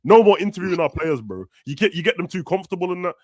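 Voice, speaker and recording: Fast-talking animated young man. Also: sits high, no room sound, clean studio sound. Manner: animated, slangy, ranting. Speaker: panelist. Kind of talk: casual fan debate.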